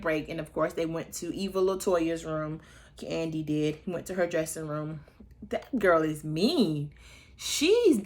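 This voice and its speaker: Woman, 30s, vlogger: sassy gossip recap, slightly low voice, breaks into high, exaggerated voices when she quotes people. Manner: sassy, chatty and playfully shady. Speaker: vlogger recapping a reality show. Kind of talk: casual gossip commentary.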